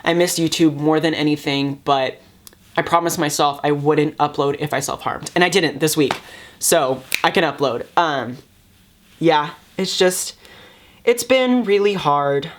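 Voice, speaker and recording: A man's voice: a little high, measured pace, fairly bright tone, slight background noise. A young man talking casually to his camera as a YouTuber, hesitant and full of fillers, keeping an upbeat tone on purpose. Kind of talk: casual vlog talk.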